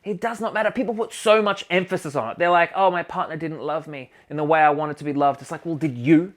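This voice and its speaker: A man with a fairly high voice talks straight to camera about healing and growth. He is animated and emphatic, with loose, swearing-laced phrasing, and his delivery keeps pushing up in energy. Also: fast. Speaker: healing coach and channel host. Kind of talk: casual self-help monologue to camera.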